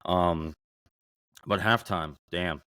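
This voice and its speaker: A man co-hosting a podcast, swearing and talking excitedly about a football game, his voice worn from shouting. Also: sits low, very slow, clean tone, no echo, studio quality. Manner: profane, excitable fan banter. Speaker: podcast co-host. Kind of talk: casual sports chat.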